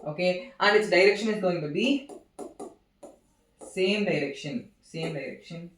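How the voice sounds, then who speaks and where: A young man explains physics in a fairly high voice, pausing and repeating himself as he works through each point. He sounds set back from the microphone, and the classroom echoes around him. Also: fairly bright tone, recorded from a distance, faint music behind. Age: young adult. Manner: halting, repeats phrases while writing on a board. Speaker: student giving a physics seminar. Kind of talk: informal physics lesson. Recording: echoey room, voice from off-mic.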